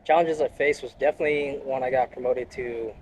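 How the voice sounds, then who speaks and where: A man's voice: medium pitch, fairly even intonation, a little fast, darkish tone, a little hiss or hum, rough recording. A young man, a Marine reservist, talking bluntly and profanely in a casual interview.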